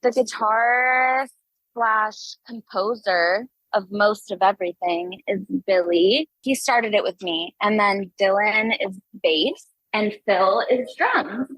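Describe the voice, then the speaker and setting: A woman's voice: mid-range voice, slow, fairly bright tone, rough recording. A young woman from the United States chatting as a guest in an interview, upbeat and laughing often, a little out of breath. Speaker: singer and guest. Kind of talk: casual interview chat.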